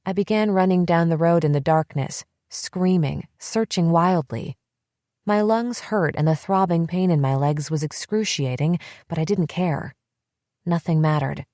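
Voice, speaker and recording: A woman reading a first-person psychological thriller audiobook in a tense, measured way on a close mic. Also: lowish voice, warm tone, dry recording. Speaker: audiobook narrator.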